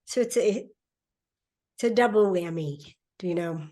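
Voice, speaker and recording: A middle-aged woman speaking as a podcast guest in a relaxed conversation, animated and laughing often as she acts out quoted voices. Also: mid-range voice, a little slow. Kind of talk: conversational interview.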